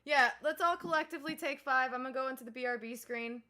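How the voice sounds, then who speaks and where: A woman's voice: high voice, fast, sharp tone. A woman hosting a tabletop game stream, playing her character with laughter, swearing and rambling talk. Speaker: player and stream host. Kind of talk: casual tabletop play.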